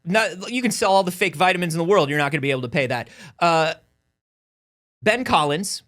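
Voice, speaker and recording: On a laid-back talk show, a co-host with a voice on the high side, talking a little fast, spins a long funny story. He's an animated storyteller who imitates the people he quotes.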